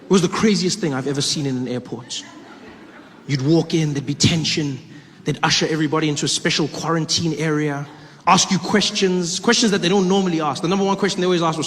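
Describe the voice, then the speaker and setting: A man's voice: a little high, quick pace. South African man telling a stand-up story. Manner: animated, storytelling, playful. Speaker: stand-up comedian. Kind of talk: stand-up comedy.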